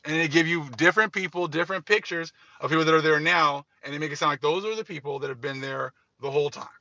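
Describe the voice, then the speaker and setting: A man's voice: on the high side, fast, sharp tone, dry recording, muffled recording. A man hosting religious commentary, speaking emphatically and repeating his points. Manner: emphatic, repetitive. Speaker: host.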